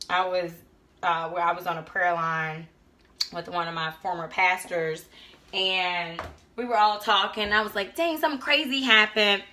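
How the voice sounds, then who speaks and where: Bright-voiced woman hosting a cooking chat. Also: mid-range voice. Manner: chatty, many fillers, acts out dialogue. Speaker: cooking show host. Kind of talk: casual cooking chat with faith encouragement. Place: home kitchen.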